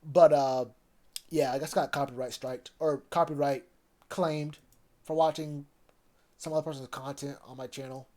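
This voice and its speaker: A man's voice: a little high, steady tone, normal speed, darkish tone. A man chatting loosely on a live stream about football, rambling with plenty of fillers. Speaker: sports streamer. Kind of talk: casual live stream chat.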